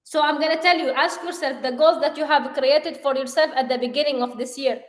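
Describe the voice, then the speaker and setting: A high-pitched woman speaking earnestly and with emphasis, co-hosting a motivational live stream. She stops now and then to correct herself. The room around her is echoey. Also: steady tone, brisk. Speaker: co-host. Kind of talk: motivational live show talk.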